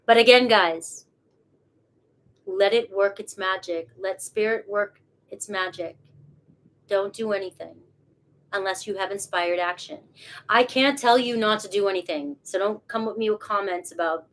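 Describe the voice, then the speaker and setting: A woman's voice: medium pitch, measured pace, fairly bright tone. A woman with a Boston accent, reading tarot cards live in a casual, chatty way and swearing freely. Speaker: tarot reader.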